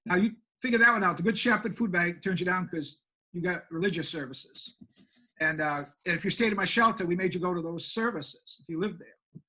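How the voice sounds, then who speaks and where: An older country pastor from Maine, who also directs a homeless shelter, tells a folksy story in an interview, plainspoken and quick to poke fun at himself. His voice is high for a man, bright and clear, and the recording is rough.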